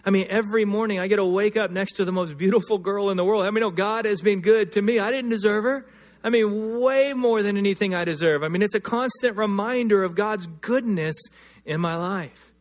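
A man preaching a sermon, swinging from loud emphatic lines to quiet, hushed ones, and telling personal stories. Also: high-pitched, brisk. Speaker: pastor.

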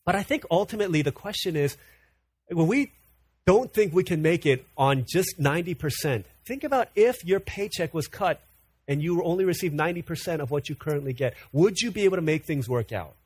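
Male pastor, sermon delivery, somewhat high pitch, animated and repetitive, dry recording. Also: fairly quick, slightly rough, dry recording. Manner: animated, repeats words when building a point.

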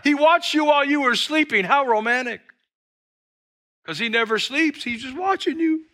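Bright, high-voiced male preacher. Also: animated, normal speed. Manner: emphatic, repeats words for stress. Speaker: pastor. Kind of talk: sermon. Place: church with an online audience.

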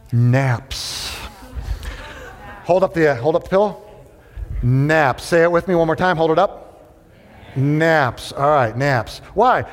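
Animated male preacher in a reverberant hall. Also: medium pitch. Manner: animated, acts out every quote. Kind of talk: storytelling sermon. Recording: long reverb of a large hall.

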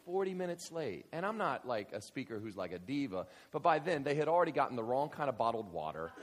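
A male guest preacher telling a story in a sermon, full of restarts and rising to shouts. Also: medium pitch, quick pace, a little hiss or hum. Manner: animated, many restarts, builds to shouting.

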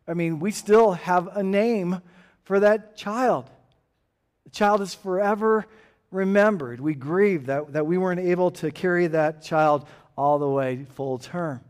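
A middle-aged man preaching a sermon, earnest, dropping to a hushed tone and then rising to emphatic calls for an amen. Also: sits high. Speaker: pastor.

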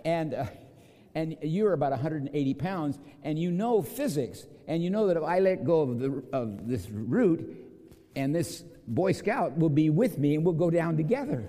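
A man preaching in a big hall where his voice rings out with a long echo. His tone is mellow and dark, and his pitch rises and falls a lot as he tells a story and plays the people in it. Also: normal speed. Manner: storytelling with acted quotes, lively pitch swings. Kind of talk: sermon.

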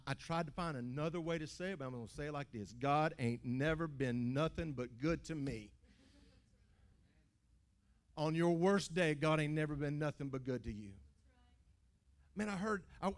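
A man, a pastor preaching a sermon in a church, animated and stammering, with folksy phrasing and call-outs to the congregation. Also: on the high side. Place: church building.

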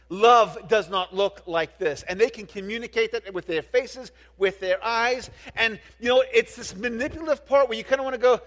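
A high-pitched, middle-aged man preaches a sermon with earnest conviction, now and then tripping over a word and starting it again. He keeps asking the congregation questions. His voice rings out with a long tail of reverb in a big hall. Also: moderate pace, hardly any pauses, a bit bright. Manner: earnest, often restarts words and asks the congregation questions. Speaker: pastor.

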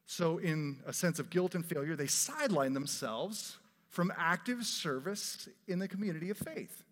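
A fairly high-voiced man preaches to his congregation with earnest, animated energy. His voice rings out with a long hall reverb around it. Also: normal speed. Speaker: pastor. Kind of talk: sermon. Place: church sanctuary.

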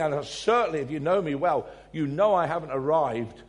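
A man from England, preaching a sermon and telling personal stories, swinging between loud emphasis and quiet asides. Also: a little high, lively intonation, normal speed.

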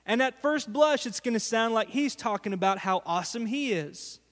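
Lively high-voiced pastor in a reverberant hall. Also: male voice, normal speed. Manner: animated storytelling, acts out quotes. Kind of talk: sermon. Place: church sanctuary.

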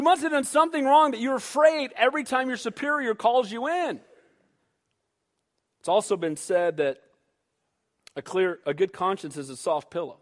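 A man preaching a sermon, animated, who acts out quoted voices and calls for amens. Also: very high voice, moderate pace. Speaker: pastor. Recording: long hall reverb.

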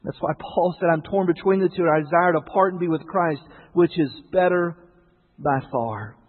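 Husky, high-voiced preaching man. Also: moderate pace, big-room sound, phone-quality sound. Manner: animated storytelling preacher, jokes with the congregation. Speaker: pastor. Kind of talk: sermon.

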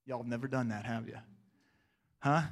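A man preaching a sermon, emphatic and stammering through restarts, asking his congregation rhetorical questions and swinging between loud emphasis and soft, hushed lines. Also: mid-range voice, fairly even intonation, normal speed.

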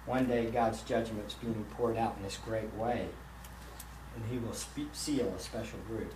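A man, a pastor, preaching a sermon in a church sanctuary, emphatic and swinging between loud and hushed delivery. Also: on the low side, fairly even intonation, measured pace, background noise. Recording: roomy echo, mic at a distance.

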